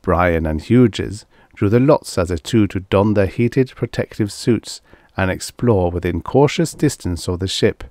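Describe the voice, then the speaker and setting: A male narrator reads a science fiction story at a measured storytelling pace. His voice sits low. The recording is close and dry, with no room sound. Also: a little mellow, no echo. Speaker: audiobook narrator. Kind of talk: scripted audiobook narration.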